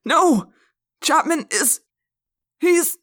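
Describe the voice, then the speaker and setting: A woman voicing a tormented middle-aged male teacher who shouts and screams in a strained, frantic way, in a storybook reading. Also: a little high, drawn-out words, pitched above the performer's own voice. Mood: desperate.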